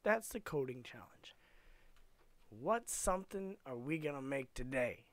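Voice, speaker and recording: A man's voice: medium pitch, expressive, a little slow, dry recording. Playful rambling man streaming code. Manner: playful, rambling, slips into silly voices. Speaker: coding tutorial streamer. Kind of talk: casual livestream coding lesson.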